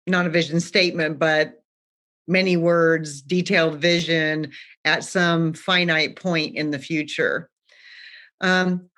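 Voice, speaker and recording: A woman's voice: fairly low pitch, fairly bright tone. A woman co-hosting a podcast, reflecting on experience and asking thoughtful questions. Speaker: podcast co-host. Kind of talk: conversational interview.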